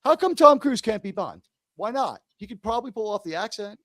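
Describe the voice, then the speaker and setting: A man from the United States hosts a casual panel stream, talking in an animated, jokey way with big theatrical emphasis. His voice sits high for a man, and the sound is close and dry, with no room around it. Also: a little fast, no room sound. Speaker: host.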